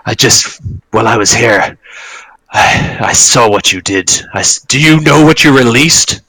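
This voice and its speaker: A man's voice: medium pitch, expressive, bright, forceful tone, slightly rough, dry recording, exaggerated voice, rough recording. A man growling as a snarling one-eyed dragon. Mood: menacing. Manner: snarling, contemptuous, slow and grand.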